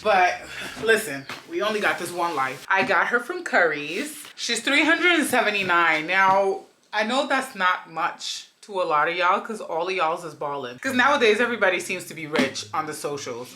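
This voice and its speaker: A woman's voice: fairly low pitch, expressive, moderate pace, sharp tone. A young woman vlogging a dramatic unboxing, theatrical and sassy, chatting straight to her viewers.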